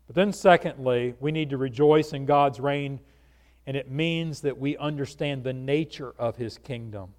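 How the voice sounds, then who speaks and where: An earnest man preaches a conversational sermon at normal speed, his pitch slightly raised. He addresses his listeners directly and keeps firing rhetorical questions at them.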